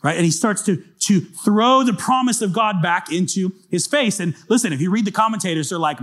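A man's voice: sits high, lively intonation, brisk, few pauses, fairly bright tone. A man preaching a conversational sermon, emphatic and speaking directly to his congregation. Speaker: pastor.

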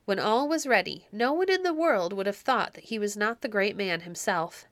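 A woman narrating a classic storybook in a clear, measured storytelling manner. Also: medium pitch, expressive, fairly bright tone, dry recording. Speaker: audiobook narrator.

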